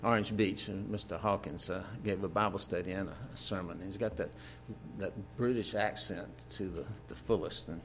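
A man's voice: low-pitched, fairly even intonation, normal speed, fairly bright tone, slight background noise. A man preaching a sermon, reading scripture aloud and adding folksy, joking asides with frequent fillers.

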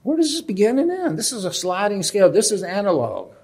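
A man's voice: high voice, very animated, fairly quick, a little mellow, slightly rough. A man giving a casual, conversational Bible lesson from a lectern, asking the audience questions and joking at his own expense. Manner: conversational, questioning, self-deprecating humor. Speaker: Bible teacher.

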